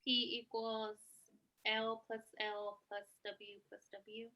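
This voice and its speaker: A female student answers the teacher in short, hesitant replies. Her voice is bright and fairly high, but her delivery stays flat and level. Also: slow. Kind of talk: answering in class.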